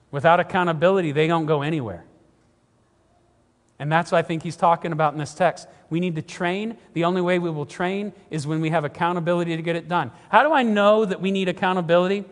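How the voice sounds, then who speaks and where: High-voiced preacher in a reverberant hall. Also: male voice, a bit bright. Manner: earnest, emphatic preaching, often repeats himself. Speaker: pastor. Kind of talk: sermon.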